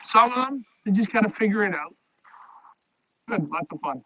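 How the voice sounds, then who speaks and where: A man talking loudly to his pigeons as he shows his loft on a live phone stream. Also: high-pitched, expressive, moderate pace, slight background noise. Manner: loud, talks to his birds. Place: pigeon loft, outdoors nearby. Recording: dull lo-fi stream audio.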